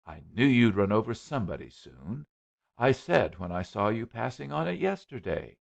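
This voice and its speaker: Narrator putting on a fussing middle-aged mother, anxious, gravelly, muffled recording. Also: on the low side, very animated, normal speed, voice pushed up. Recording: dull lo-fi recording.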